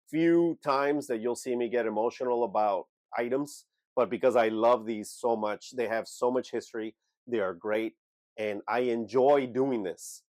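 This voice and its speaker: A man's voice: mid-range voice, moderate pace, a little mellow, dry recording. A man hosting his own unscripted vlog about reselling, blunt and emphatic as he speaks straight to viewers. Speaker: eBay reseller and channel host. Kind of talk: unscripted talking-head vlog.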